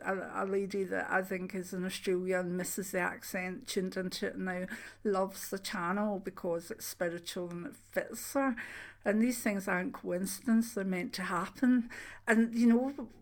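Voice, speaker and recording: An older woman with a soft Scottish accent, chatting casually to her channel viewers, rambling with frequent ums and restarts. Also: medium pitch, fairly even intonation, measured pace. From Scotland. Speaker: channel host, retired clairvoyant. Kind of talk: casual chat to camera.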